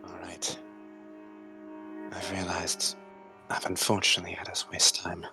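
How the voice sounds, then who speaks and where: A man narrating as game master in a tabletop game, with a quiet, apologetic delivery. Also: low-pitched, monotone, a little slow, over music.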